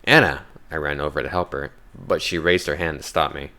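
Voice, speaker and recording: Very deep-voiced man narrating a horror story. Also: steady tone, bright, forceful tone. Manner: measured, unhurried first-person telling.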